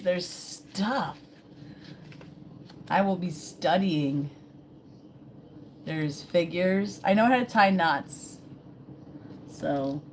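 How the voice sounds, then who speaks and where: A woman's voice: on the low side, slight background noise. A woman hosting a casual live-stream vlog, reading aloud and joking along as she goes. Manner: chatty, reads aloud and jokes along. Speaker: vlogger, live-stream host.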